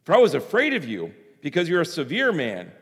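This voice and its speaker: A fearful servant makes excuses to his master, as a man reads him aloud. The delivery is plain and unhurried, in a high voice. A long reverb rings behind it, as in a hall. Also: huge pitch swings, a bit bright, breathy edge, heavily acted. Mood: defensive.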